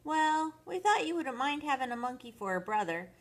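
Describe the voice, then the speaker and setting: A woman's voice: sits high, sing-song, moderate pace, pitched above the performer's own voice. An older woman voicing a nervous, wailing little boy in a read-aloud storybook. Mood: sulky. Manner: wailing, worried.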